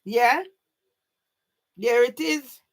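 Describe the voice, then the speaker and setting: A woman with a Jamaican accent ranting on a live stream, emphatic, often shouting and swearing, with frequent questioning tags. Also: on the high side, extremely slow. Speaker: YouTube livestreamer.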